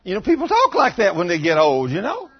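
A man's voice: high voice, brisk, husky, lo-fi sound. A man in his sixties preaching a folksy testimony sermon, telling stories and acting out the voices of the people in them. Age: 60s. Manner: animated storytelling, acting out quotes.

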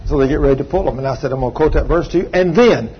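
An older man preaching a sermon, telling a testimony with emphatic, drawn-out phrases. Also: mid-range voice, husky. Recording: slightly dull sound, faint background hum.

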